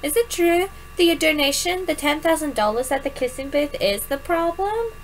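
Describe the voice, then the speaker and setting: A woman's voice: high-pitched, animated, moderate pace, slight background noise, poor audio. Woman doing a fussy protective mom. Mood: concerned. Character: protective middle-aged mother, fussy and caring.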